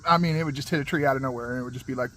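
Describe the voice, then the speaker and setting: A man telling a funny story from his childhood in a rambling, animated way. He laughs as he talks and uses many fillers and restarts. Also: mid-range voice, racing, a little hiss or hum, poor audio. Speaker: channel host. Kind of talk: casual storytelling monologue.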